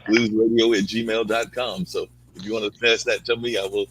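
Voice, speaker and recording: A male show host in a casual chat, a little lower-pitched than most men, with a bright edge to his voice. He rambles and keeps saying "like". A faint hum runs under the recording. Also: flat delivery, moderate pace, poor audio. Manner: rambling, lots of "like".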